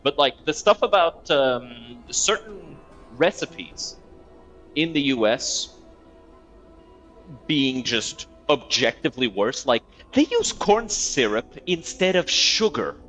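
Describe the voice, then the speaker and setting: A man's voice: mid-range voice, very animated, slow pace, a bit bright. A man streaming a video game, chatting casually with rambling asides and freely swearing. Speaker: gaming streamer. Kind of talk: casual gameplay chat. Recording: dull lo-fi sound, faint game music.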